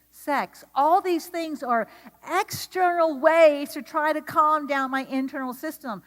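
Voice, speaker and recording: A woman giving an animated workshop lecture to teachers, often putting questions to the audience. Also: on the high side. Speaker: speaker at an educator training. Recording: long hall reverb.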